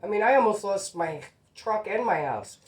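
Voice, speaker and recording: A woman's voice: mid-range voice, lively intonation, normal speed. A woman in casual chat with a friend, chiming in with short remarks before telling her own story. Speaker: friend listening.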